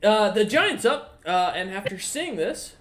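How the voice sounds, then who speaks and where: Man, dungeon master, slightly high voice, casual, swears, lots of ums and uhs. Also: very animated, fairly bright tone, slight background noise. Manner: casual, profane, halting with many ums and uhs. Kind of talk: running an online tabletop game.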